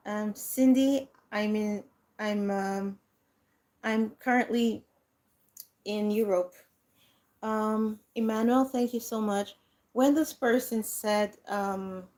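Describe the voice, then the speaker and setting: A woman's voice: mid-range voice, warm tone. A woman hosting a livestream, chatting casually with viewers and laughing often between her words. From Nigeria. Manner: chatty, laughs often, frequent fillers and restarts. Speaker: livestream host. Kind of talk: casual live chat answering viewer comments.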